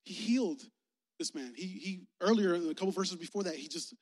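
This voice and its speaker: High-voiced joking youth pastor, reverberant sanctuary. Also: male voice, brisk, darkish tone. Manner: joking, slangy, acts out voices in stories. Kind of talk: lively comedic youth sermon. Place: church sanctuary. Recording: long reverb of a church sanctuary.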